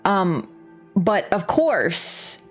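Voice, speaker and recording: A woman's voice: medium pitch, very slow, soft background music. A woman streamer casually telling a story during a game livestream, laughing and swearing freely. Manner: lively, laughing, swears casually, acts out voices. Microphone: webcam setup.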